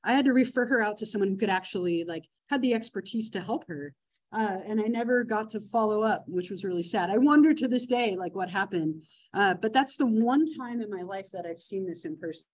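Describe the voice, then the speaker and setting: Lecturing her psychology class casually, this woman in her thirties works through a case story, sprinkling in "right?" check-ins and plenty of "uh" and "um." Her pitch is medium and the audio quality is poor.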